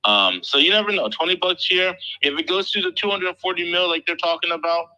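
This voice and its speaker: Male crypto show host, 30s, from the Philly area. Very bright, loose and profane. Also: high voice, a little fast, poor audio. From Philadelphia area. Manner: loose, profane, animated storytelling. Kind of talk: casual chat.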